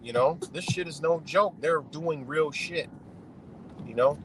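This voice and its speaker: A man's voice: on the high side, a little slow, poor audio. A man ranting casually and profanely from his car on a live stream, rambling and saying "you know" over and over. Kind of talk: casual rant. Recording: clear music under the voice.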